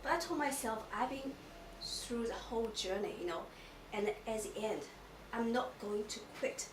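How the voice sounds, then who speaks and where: A woman giving an emotional personal testimony at a church gathering, halting and full of restarts. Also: on the high side, animated. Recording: echoey room, mic far off, noisy.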